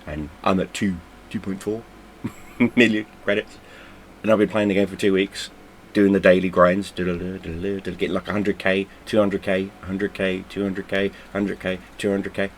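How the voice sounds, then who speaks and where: A man's voice: deep voice, little pitch movement, measured pace, a little hiss or hum. A man hosting a gaming channel, talking in a blunt, casual way full of swearing, often stumbling and repeating words. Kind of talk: casual unscripted vlog talk.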